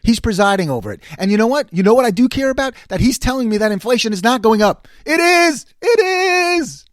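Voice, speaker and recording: A man in his fifties hosting his own casual talk show, rambling and self-mocking as he jumps from quiet muttering to loud exclaiming. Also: high voice, animated, fast, no echo, studio quality. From New York. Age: 50s. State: slight voice cracks. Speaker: host.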